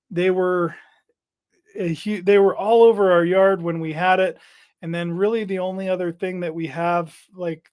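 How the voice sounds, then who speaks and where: A man's voice: high voice, a little mellow, clear, resonant tone. A man hosting a casual hobby livestream, chatting loosely, reading out viewer comments and trailing off into restarts. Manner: rambling, halting, reads out chat messages. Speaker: livestream host.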